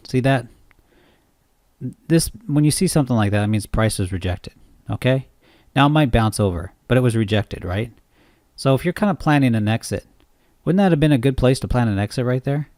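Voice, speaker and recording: A man's voice: mid-range voice, expressive, moderate pace, darkish tone, dry recording, clean studio sound. A man coaching trading in an unscripted screen-share tutorial, rambling and interrupting himself, often checking in with "right?". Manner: rambling, self-interrupting, asks listeners "right?".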